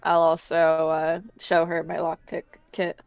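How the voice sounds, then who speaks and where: A woman playing in a tabletop role-playing game, talking in a relaxed, curious way. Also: low-pitched, measured pace, smooth. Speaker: player. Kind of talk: casual chat in a tabletop game. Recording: dull, dry lo-fi mic.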